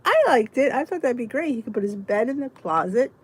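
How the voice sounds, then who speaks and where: A middle-aged woman hosting a casual weight loss support chat, joking and yawning, with soft whispered asides, and a faint hiss under her voice. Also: on the high side, sing-song, brisk, low-quality recording. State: sleepy, yawning. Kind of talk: casual live chat reading viewer comments.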